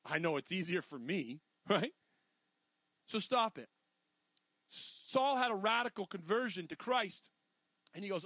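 Animated high-voiced preacher man. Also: normal speed, no echo. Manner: animated, conversational, jokey asides. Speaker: pastor. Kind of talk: sermon.

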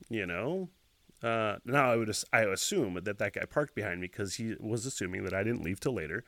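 A man hosting a solo podcast, telling a rambling story with lots of swearing, laughing as he talks and shouting sound effects. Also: mid-range voice, very animated, brisk, no echo. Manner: laughs while talking. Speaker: podcast host.

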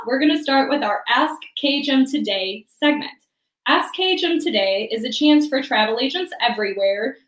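Woman host, bubbly and giggly, higher voice, set back from the mic in a roomy space. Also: fairly bright tone, distant mic. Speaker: stand-in host of a travel agent show. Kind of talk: upbeat webcast hosting. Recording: echoey room, a bit off mic.

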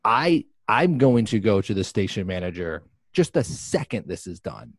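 A man's voice: lowish voice, sing-song, normal speed, no echo, clean studio sound. Mock-indignant male radio co-host. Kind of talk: comedic radio banter.

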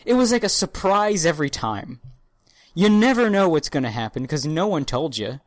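A woman with a notably low voice holds the floor in a casual podcast chat, excitable and profane as she tells a story. She keeps breaking into little acted-out voices. The sound is dry and close to the mic. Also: moderate pace, no echo. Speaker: podcast co-host.

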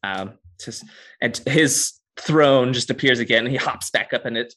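A man narrating as game master of a tabletop game in a relaxed, low-key way. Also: normal speed.

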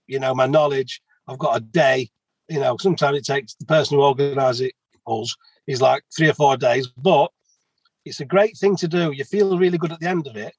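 A man's voice: mid-range voice, fairly quick, breathy edge, no room sound, poor audio. A man, a plumber telling rambling stories with laughs as an interview guest. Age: 50s. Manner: chatty, rambling anecdotes with laughs. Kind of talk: casual storytelling.

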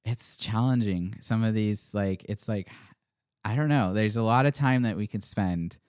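In casual chat on the church podcast he hosts, this pastor muses thoughtfully and rambles, with many fillers and restarts. He speaks at a normal speed in a fairly low, slightly mellow, clean-toned voice, recorded in a clean studio with no room sound.

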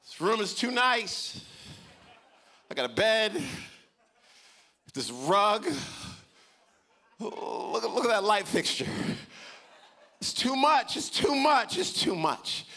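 A man's voice: high-pitched, very animated, slow, long pauses, sharp tone, voice pushed up, exaggerated voice. A man voicing a tearful young child who whimpers and wails as if overwhelmed. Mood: sobbing. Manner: whimpering, wailing.

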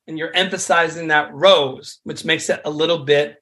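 A man, a songwriter and worship leader, explaining songwriting craft in an energetic, conversational way. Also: fairly high pitch, moderate pace, few pauses. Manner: energetic, conversational teaching with frequent fillers.

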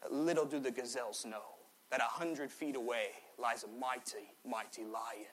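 A man putting on a soothing male Australian wildlife-show narrator, speaking lower and quieter in a slow, dramatic hush. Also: fairly even intonation, close to an everyday voice. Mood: hushed suspense.

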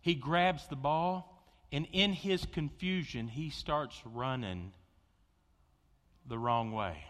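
A man preaching a sermon, telling stories with big swings between loud excitement and hushed intensity. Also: medium pitch, slow, pauses often. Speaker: pastor. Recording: long hall reverb.

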